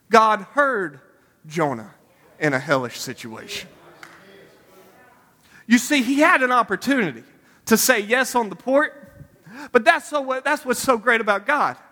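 Male preacher, sermon, impassioned, shouts, very bright tone. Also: extremely high pitch, long reverb tail. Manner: impassioned, rising to shouted pleading.

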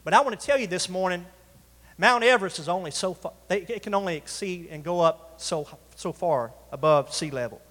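Guy preaching to the congregation, high voice, drawn-out emphasis, church reverb. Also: fairly bright tone. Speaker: pastor. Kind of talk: sermon. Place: church sanctuary.

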